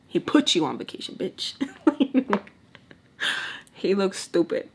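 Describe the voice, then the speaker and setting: A woman vlogger telling a storytime in a casual, animated way, acting out the people in it, swearing freely and dropping in Spanish words. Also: medium pitch, slow pace, slightly rough. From Texas. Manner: animated, swears a lot, acts out voices, mixes in Spanish.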